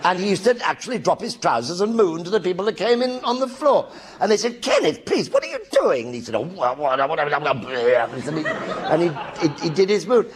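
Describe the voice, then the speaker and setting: A man's voice: on the high side, expressive, a little fast, hardly any pauses. An older actor telling anecdotes in a one-man stage show in front of a live audience, acting out other people's voices as he goes.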